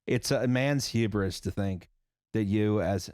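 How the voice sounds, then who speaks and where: A man's voice: lowish voice, unhurried, darkish tone, no room sound, clean studio sound. A man hosting a casual podcast, joking sarcastically with his co-hosts. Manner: wry, sarcastic, reads listener letters. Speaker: podcast host.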